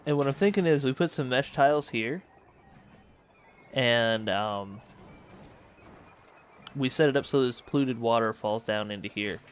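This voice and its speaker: A man's voice: medium pitch, unhurried, pauses often, slight background noise. A man hosting a let's play, thinking aloud and correcting himself as he manages a space colony game. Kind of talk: casual gameplay commentary.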